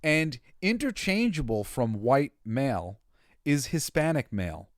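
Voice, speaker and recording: A man's voice: medium pitch, sing-song, a little slow, no echo, studio quality. A man hosting a podcast, talking casually in a rambling, opinionated monologue full of fillers, restarts and exasperated sighs. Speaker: podcast host.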